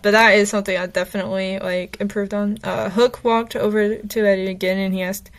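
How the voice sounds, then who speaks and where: A woman's voice: mid-range voice, little pitch movement, a little fast, few pauses. Chatty woman reading her old stories. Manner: chatty, self-mocking, frequent fillers. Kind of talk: reading aloud with casual commentary.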